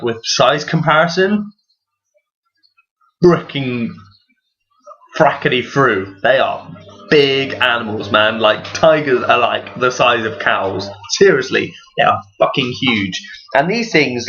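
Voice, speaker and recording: Man, middle pitch, rambling profane vlog rant, lo-fi dull sound. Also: a bit bright. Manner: profane, rambling, laughs often. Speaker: vlogger. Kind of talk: casual rambling monologue. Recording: dull lo-fi recording.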